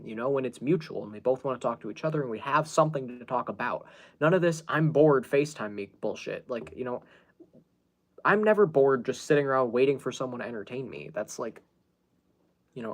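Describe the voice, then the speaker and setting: Rambling male podcast host. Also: mid-range voice. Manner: rambling, with many fillers and restarts. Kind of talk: casual storytelling chat.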